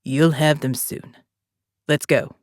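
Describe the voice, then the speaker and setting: A woman narrator voicing a calm male operative leader with a faint South African accent, speaking quietly and with authority. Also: sits low, takes it slowly, no echo, clean studio sound. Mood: calm, persuasive.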